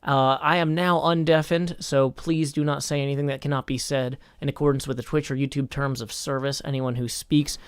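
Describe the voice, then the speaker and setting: Smooth-voiced man hosting a stream. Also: medium pitch, flat delivery, dry recording. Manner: measured, mock-formal like a judge. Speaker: streamer hosting a game server. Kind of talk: casual livestream chat.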